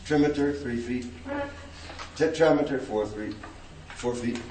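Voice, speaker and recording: A man's voice: mid-range voice, unhurried, darkish tone. A man teaching poetry in a classroom lecture, chanting rhythms in nonsense syllables and chuckling often. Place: classroom with a blackboard. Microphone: distant room recording. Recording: echoey classroom, distant mic, noisy tape.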